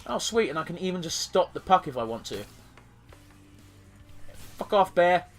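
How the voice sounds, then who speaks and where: Male let's-play host, slightly high voice, loose and sweary, faint music underneath. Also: fairly bright tone. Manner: sweary, rambling, jokey. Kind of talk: gameplay commentary.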